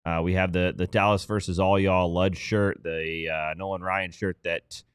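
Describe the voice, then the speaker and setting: A man's voice: deep voice, little pitch movement, moderate pace, smooth, no room sound, studio quality. A man co-hosting a sports podcast, reading sponsor promos in a loose, joking way. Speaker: podcast co-host reading ads. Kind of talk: casual podcast chat and ad read.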